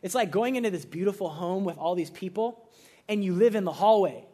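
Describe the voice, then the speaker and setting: High-voiced young man preaching casually. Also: brisk. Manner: casual, animated preaching with playful mock-quotes. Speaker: pastor. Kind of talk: sermon.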